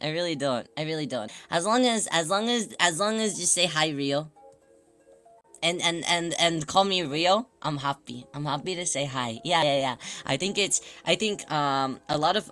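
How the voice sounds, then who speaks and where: A man hosting a casual livestream chat, telling stories in an animated way and laughing often. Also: on the high side. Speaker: livestream host.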